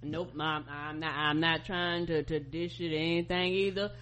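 Co-host from the South, blunt, profane, dismissive, sharp bright voice, faint hum behind. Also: mid-range voice, fairly even intonation, normal speed, dull audio. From American South. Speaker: podcast co-host. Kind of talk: casual comedic chat.

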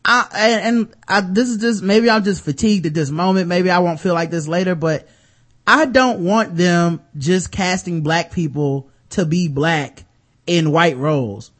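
High-voiced animated man in casual chat. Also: measured pace. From United States. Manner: animated, profane, laughs a lot. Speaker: podcast co-host.

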